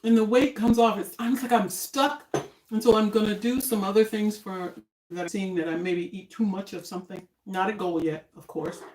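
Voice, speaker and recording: A woman's voice: mid-range voice, fairly even intonation, moderate pace, darkish tone. Chatty older woman in an echoey kitchen. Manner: chatty, homey, talks while eating. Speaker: vlogger cooking on a live stream. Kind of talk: casual live-stream chat. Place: home kitchen.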